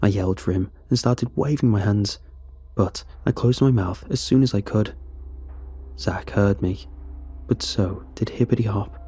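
A man narrating a first-person horror story in a steady, somber way. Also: fairly low pitch, measured pace, husky.

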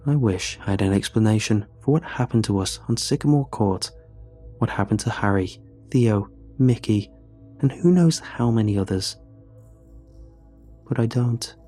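A man reads a scripted horror story in a low, dark and mellow voice. His telling is measured and somber, with faint music playing under the narration. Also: lively intonation.

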